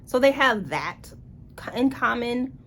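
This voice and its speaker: A woman's voice: a little high, expressive, takes it slowly, fairly bright tone, a little hiss or hum. A woman giving a casual book review in a blunt, sarcastic way.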